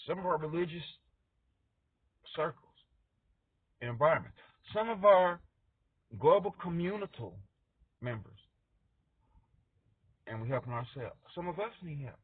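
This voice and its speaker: Man, lively rambling monologue, husky and a bit high, dry and tinny phone-like audio. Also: no room sound. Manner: animated, jumps into high squeaky voices for characters, laughs often. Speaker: music artist talking to viewers.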